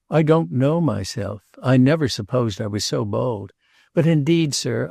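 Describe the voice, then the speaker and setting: A man voicing a timid, humble elderly female housekeeper who murmurs softly and trembles. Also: mid-range voice, vocal fry, no echo, studio quality, voice pushed up.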